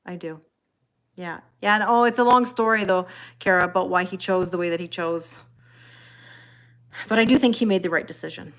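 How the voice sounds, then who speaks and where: A woman with a lowish, slightly bright voice speaks at normal speed with long pauses. Hosting a tarot livestream, she chats casually with live viewers, thanks them by name, and talks to her cats between comments.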